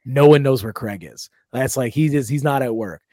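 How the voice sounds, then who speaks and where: A man's voice: mid-range voice, moderate pace, dry recording, studio quality. Young man telling a profane story. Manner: loose, profane, animated storytelling. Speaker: comedian podcast host. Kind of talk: casual podcast storytelling.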